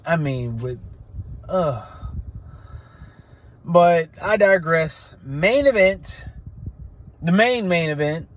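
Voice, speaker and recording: Male show host, fairly high voice, blunt opinionated rambler who stammers and restarts. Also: expressive, extremely slow, pauses often. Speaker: wrestling show reviewer. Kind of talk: casual opinionated review.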